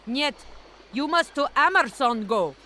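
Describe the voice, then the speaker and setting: An actress playing a blunt barge wife in a game, with a Russian accent and broken English. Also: female voice, high-pitched, animated, unhurried, bright, forceful tone, a little hiss or hum, exaggerated voice. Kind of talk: game voice acting.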